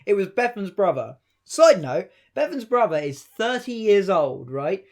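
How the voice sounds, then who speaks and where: A young man with a fairly high voice tells a story on a casual podcast. He is animated, laughs while he talks and mimics the people he quotes. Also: a little slow. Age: young adult. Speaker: podcast co-host.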